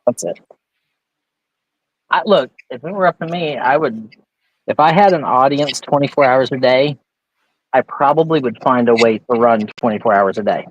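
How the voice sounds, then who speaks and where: A man's voice: medium pitch, normal speed, pauses often, no echo, highs cut off. Chatty man hosting a live sale. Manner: chatty storyteller showing items. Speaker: host. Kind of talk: casual live-stream chat.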